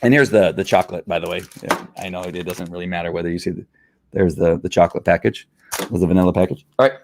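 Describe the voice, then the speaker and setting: A man's voice: deep voice, steady tone, quick pace, noisy background. A man chatting casually on a live stream, rambling through a product review with restarts and chuckles.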